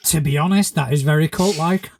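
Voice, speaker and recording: A man's voice: on the high side, a little fast, gravelly, very noisy. Joking, sweary man from Spain. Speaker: podcast host. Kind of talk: casual chat.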